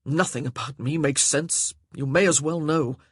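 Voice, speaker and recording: A tormented nobleman speaks low and strained, then bursts out hard, as a man acts him out. The voice is husky and recorded dry and close for an audiobook. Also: steady tone, moderate pace, no echo. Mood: brooding. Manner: low, strained, rising to forceful outbursts. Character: brooding tormented nobleman, volatile. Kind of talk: audiobook character voice.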